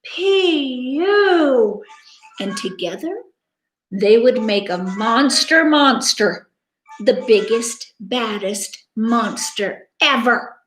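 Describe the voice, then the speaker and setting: A woman's voice: a little high, slow pace, slight background noise. A woman reading a picture book aloud to children, dramatic and interactive, inviting listeners to join in. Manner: animated, interactive, dramatic gasps. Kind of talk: children's story read-aloud. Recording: echoey room.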